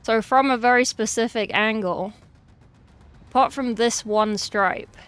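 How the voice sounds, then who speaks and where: A woman's voice: on the high side, unhurried, a bit bright, clear, resonant tone. A woman hosting a casual livestream at her hobby desk, rambling as she reads chat aloud and answers it. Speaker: livestream host.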